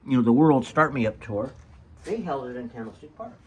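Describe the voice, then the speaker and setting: A man's voice: mid-range voice, lively intonation, fairly quick, darkish tone, dull audio. An older man telling chatty, jokey stories about old ticket stubs, drifting off topic as he goes. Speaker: vlogger sharing saved ticket stubs. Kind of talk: rambling personal storytelling. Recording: distant mic with faint background noise.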